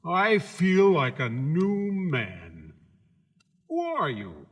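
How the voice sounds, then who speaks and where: A man voicing a gentle, simple male scarecrow with a husky voice, speaking slowly and politely, acted on a 1970s children's record. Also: on the high side, huge pitch swings, muffled recording, heavily acted. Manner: slow, polite and earnest. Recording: old vinyl with long reverb.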